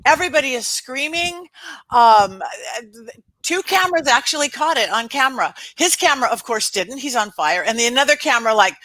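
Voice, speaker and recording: A woman's voice: sits high, fairly quick, no echo, rough recording. A woman who works as a spirit medium, telling a dramatic story as an interview guest and acting out the lines of the people in it. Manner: animated, dramatic storyteller who acts out quotes.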